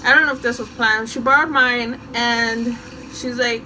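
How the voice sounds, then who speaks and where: A young woman casually telling a story from her school days, animated and often laughing. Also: fairly high pitch, moderate pace, a little hiss or hum, rough recording.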